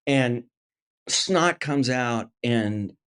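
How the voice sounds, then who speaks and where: A middle-aged actor telling a story as a guest, lively and full of restarts, acting out the voices of others. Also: male voice, mid-range voice, drawn-out words, smooth. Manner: lively anecdote teller, acts out quoted voices, many restarts. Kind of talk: animated storytelling.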